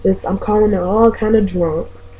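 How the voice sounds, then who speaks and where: A woman's voice: medium pitch, steady tone, normal speed, dark tone, slight background noise, rough recording. Chatty profane woman telling a story. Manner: chatty, profane, addresses viewers as y'all. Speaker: vlogger. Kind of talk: casual storytelling vlog.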